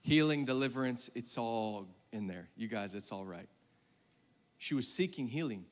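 A man preaching a sermon to a live congregation, talking conversationally and calling on the audience, moving between loud emphatic bursts and hushed, low passages. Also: animated, moderate pace. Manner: conversational, calls on the audience to raise hands. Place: large hall with a congregation. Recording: long hall reverb.

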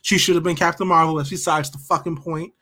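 A man's voice: a little high, steady tone, quick pace, sharp tone. A man co-hosting a podcast, talking in emphatic, profane, slangy casual banter. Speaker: podcast co-host.

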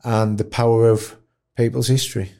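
A man telling an emotional story, animated and dropping to a hush at tender moments. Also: medium pitch, moderate pace, creaky. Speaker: guest musician in care.

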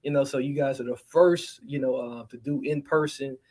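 A male podcast host with an easygoing, loose delivery. He pads his thanks with fillers and relaxed asides. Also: medium pitch, moderate pace, over a noisy crowd. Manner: laid-back, thankful, lots of fillers. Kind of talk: casual podcast talk.

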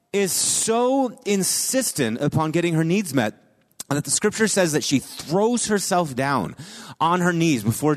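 A pastor preaching a sermon in a conversational way, building to emphatic peaks. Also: male voice, a little high.

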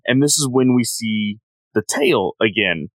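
A man's voice: lowish voice, animated, measured pace, dry recording. A man co-hosting a podcast, recapping a story in rambling casual chat with many fillers. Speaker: podcast co-host.

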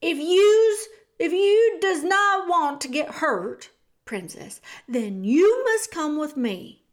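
A woman voicing a rough, simple-minded young serving girl who shouts in broken grammar. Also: extremely high pitch, very animated, slow, pitched above the performer's own voice, exaggerated voice. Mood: shouting. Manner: loud, ungrammatical, shouting.

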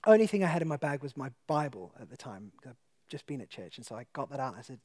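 A man tells a personal story of faith to an audience, lively and laughing often, then hushed in the tense parts. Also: mid-range voice, fast. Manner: animated storyteller who laughs often and drops to a hush for tense moments. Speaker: guest speaker. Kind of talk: personal testimony told to an audience.

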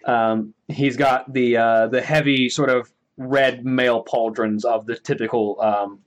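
A man's voice: mid-range voice, fairly even intonation, measured pace. A man narrating a tabletop game as game master, hesitant, with many filler words.

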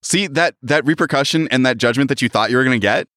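A man in casual podcast chat, walking his co-host through a novel's plot and dropping into short character voices as he goes. His voice sits at an ordinary middle pitch. The sound is close and dry, with no room around it. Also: fairly bright tone, dry recording. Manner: retells the plot, acting out lines in quick voices. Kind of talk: casual book recap chat.

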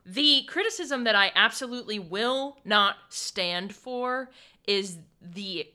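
Young female co-host, emphatic and animated, bright voice. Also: medium pitch. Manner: emphatic, fast fan talk. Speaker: podcast co-host. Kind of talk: casual chat.

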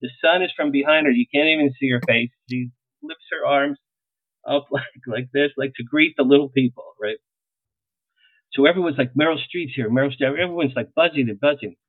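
A man's voice: medium pitch, a little fast, no room sound. Man telling stories over a tinny line. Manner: animated anecdotes, acts out quoted lines. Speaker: publicist guest. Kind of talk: storytelling interview. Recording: tinny phone-like line, dry.

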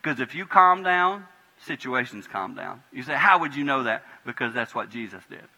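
A man preaching a sermon as pastor in a church, moving between hushed prayer and loud, animated emphasis. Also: mid-range voice, normal speed. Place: church sanctuary. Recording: long hall reverb.

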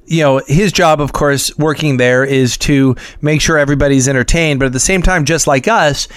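A man with a slightly high voice spins a rambling story in casual chat. He keeps stopping to restart with um and uh. The sound is close and dry, with no room around it. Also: normal speed, clean tone, dry recording. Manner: rambling, many ums and restarts.

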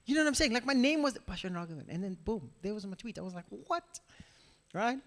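A young man preaching a casual, animated sermon in a church, talking straight to the congregation with lots of asides. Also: high-pitched, racing, in a large hall. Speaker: pastor. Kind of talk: conversational sermon.

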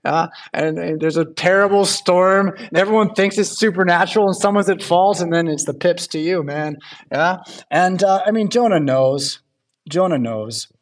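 A man preaching a sermon in a church with a fairly high voice. His delivery is loose and conversational, with asides and frequent checks for agreement. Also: moderate pace. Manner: chatty asides, checks in with "right?" and "yeah?". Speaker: pastor.

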